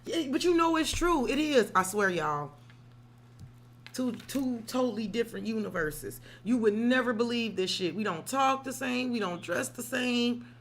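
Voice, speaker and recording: A woman's voice: a little high, expressive, normal speed. Salty, chatty woman reading tarot. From South Side of Chicago. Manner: chatty, digressive, salty, swears freely. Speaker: tarot reader. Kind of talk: casual livestream tarot reading.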